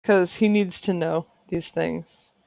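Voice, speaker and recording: A woman's voice: fairly low pitch, steady tone, takes it slowly, creaky, a little mellow, no echo, clean studio sound. A woman artist chatting casually while she draws on a livestream, playful and sarcastic, often laughing. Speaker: artist streamer. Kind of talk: casual chat while drawing on stream.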